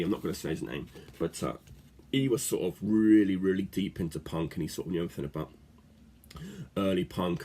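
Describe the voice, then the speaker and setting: A middle-aged Englishman hosts a laid-back vlog about his record collection. His low voice has a husky grain, and he rambles, leaning on filler words and tag questions. He talks close to the mic in a quiet room. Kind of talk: casual vlog chat.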